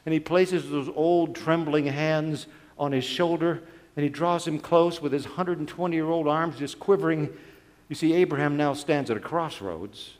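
Male preacher telling a dramatic story. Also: a little high. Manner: dramatic storytelling, swings between loud and soft. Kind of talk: sermon. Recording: long hall reverb.

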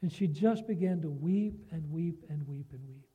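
A man's voice: fairly high pitch, normal speed, husky, narrow, tinny audio. A man preaching a sermon, telling a prayer story and reading scripture, earnest and often asking his listeners rhetorical questions.

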